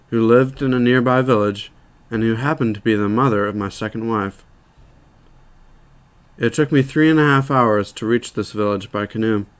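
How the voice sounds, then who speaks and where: A man narrating a short story aloud in a measured, plain storytelling manner. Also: medium pitch.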